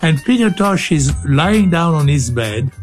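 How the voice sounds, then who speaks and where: Playful slow-talking radio host man. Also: fairly high pitch, animated, faint music behind. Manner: theatrical, laughing, breaks into singing and silly voices. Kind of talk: playful radio hosting with outtakes.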